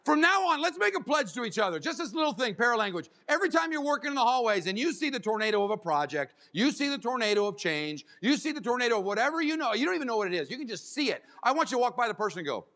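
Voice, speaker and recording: A man giving a keynote as a motivational speaker, animated and acting out little scenes and voices. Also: very high-pitched, rapid-fire, few pauses, long reverb tail. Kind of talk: keynote speech. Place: large conference hall.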